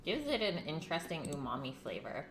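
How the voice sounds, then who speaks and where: A woman's voice: deep voice, big pitch swings, brisk, noisy background. A young woman hosting a casual live-stream cooking show from her home kitchen, chatting with viewers and reading their names out. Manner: chatty, reads chat names aloud, talks while eating. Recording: echoey kitchen, faint music.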